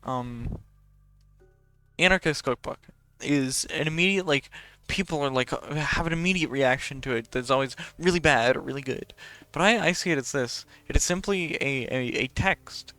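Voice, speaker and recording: A man's voice: on the high side, normal speed, sharp tone, no echo, soft background music. A young man, talking in a casual, rambling and profane way as a podcast host.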